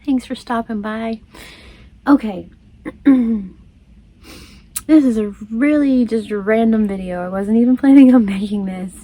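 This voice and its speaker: A woman's voice: a little high, a little slow, long pauses, mellow. Chatty woman rambling to camera. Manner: chatty, rambling, laughs often. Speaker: crochet vlogger. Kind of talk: casual chat.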